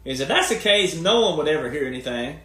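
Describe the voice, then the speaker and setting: A man's voice: on the high side, big pitch swings, fast, fairly bright tone, roomy sound. A man talking in a long, casual monologue, folksy and emphatic, firing off rhetorical questions. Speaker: commentator and speaker.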